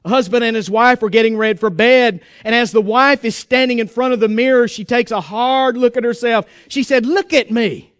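Male preacher, sermon, folksy and joking, emphatic, very high voice, dry close sound. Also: moderate pace, hardly any pauses, a bit bright, clear, resonant tone, no echo.

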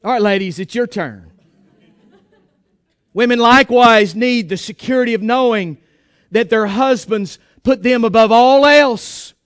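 A man preaching in a folksy, emphatic way, with jokes mixed in. His voice sits very high for a man and sounds smooth and resonant. The recording is close and dry, with no room sound. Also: unhurried, a bit bright, no echo. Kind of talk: sermon.

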